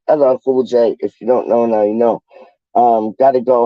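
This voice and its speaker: A man's voice: medium pitch, fairly even intonation, moderate pace, no echo, dull audio. A man from the UK hosting a casual livestream, reading out chat in a slangy, rambling, playful way. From United Kingdom.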